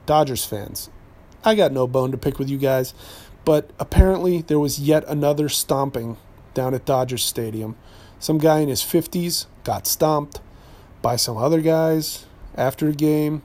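A man from New Hampshire hosting a podcast, ranting in a sarcastic, animated way, often stumbling and correcting himself as he goes. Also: fairly high pitch, normal speed. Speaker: podcast host and voice actor.

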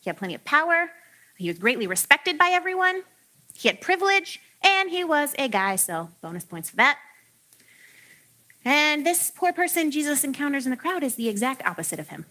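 Chatty lady preacher, bright kinda high voice, jokey casual sermon. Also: big pitch swings, brisk. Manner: chatty and playful, heavy use of "like".

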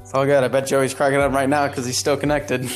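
Over faint music, a man guesting on a podcast talks fast in a level, mid-range voice. His casual talk wanders, is full of opinions, and often breaks off as he restarts sentences.

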